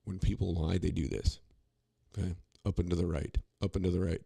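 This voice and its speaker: A man's voice: low-pitched, steady tone, brisk, creaky, dark tone, husky, dry recording, clean studio sound. A man co-hosting a podcast, talking in a rambling, opinionated way with many restarts and asides. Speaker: podcast co-host. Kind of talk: casual political commentary.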